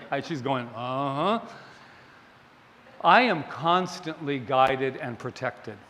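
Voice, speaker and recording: A male minister preaches with playful, animated storytelling. His voice sits fairly high for a man. A long reverb from the sanctuary and faint ambience hang behind him. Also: slight background noise. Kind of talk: sermon. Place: spiritual center sanctuary.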